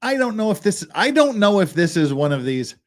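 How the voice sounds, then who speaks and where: A man's voice: high voice, very animated, a little fast. A man hosting a legal commentary show, talking casually in a rambling way with restarts and chuckles. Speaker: host of a legal commentary channel.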